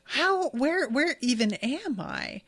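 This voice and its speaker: A woman's voice: high voice, expressive, takes it slowly, fairly bright tone, pitched above the performer's own voice, full character voice. A woman voicing a flustered, flamboyant male cartoon pirate who asks startled, disbelieving questions. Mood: bewildered.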